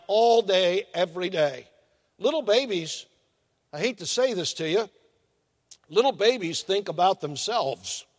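An older man preaching a folksy sermon, drawing out key words and acting out little scenes. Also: high voice. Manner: folksy preaching with drawn-out emphasis and acted-out asides. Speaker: pastor. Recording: long hall reverb.

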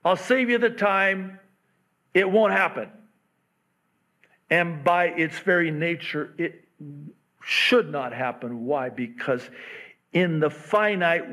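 A male pastor delivers a sermon at an unhurried pace, with a slightly raised speaking pitch. He speaks candidly and pokes fun at himself along the way. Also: a bit bright. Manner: candid, self-deprecating humor.

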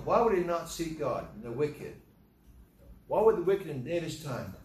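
A man's voice: mid-range voice, darkish tone, slight background noise. An American man preaching a sermon, reading scripture aloud with emphatic, rising delivery. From United States. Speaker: pastor. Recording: roomy echo, voice far from the mic.

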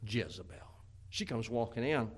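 Man preaching, bright forceful voice, somewhat high, acts out the story. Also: normal speed. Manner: animated storytelling preaching, acting out scripture characters. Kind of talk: sermon.

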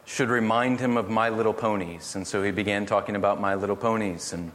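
A middle-aged man preaching a sermon, telling family stories in an earnest, gently humorous way. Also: on the low side, fairly even intonation, a little fast. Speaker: pastor. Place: church hall. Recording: echoey hall from far off, faint noise.

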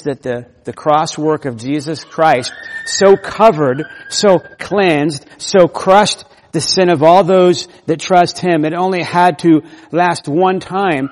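A man's voice: on the high side, big-room sound. A man preaching an expository sermon, pressing hard on key words and repeating them for emphasis.

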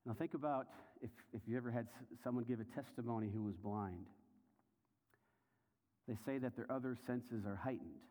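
A man's voice: mid-range voice, normal speed. Male preacher in a reverberant hall. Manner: storytelling, asks listeners questions, swings between hushed and rising intensity. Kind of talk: sermon.

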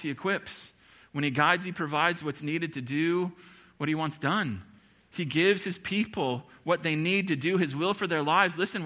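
Bright-voiced man preaching emphatically. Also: a little high. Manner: emphatic preaching with lists and rhetorical questions. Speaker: pastor. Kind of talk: sermon.

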